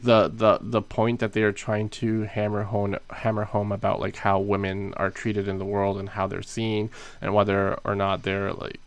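A man casually reviewing a movie as a podcast co-host, talking haltingly with lots of fillers and restarts. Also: on the low side.

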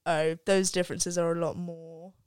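A woman's voice: lowish voice, flat delivery, normal speed, darkish tone, smooth, no echo. A young woman, a student guest on a podcast, talking candidly and reflectively in casual chat and swearing freely. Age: young adult.

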